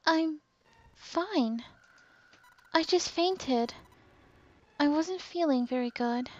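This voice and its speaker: A woman voicing a weak, fragile young woman who speaks high and faint, with soft trailing words, on a dull, dry recording. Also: heavily acted.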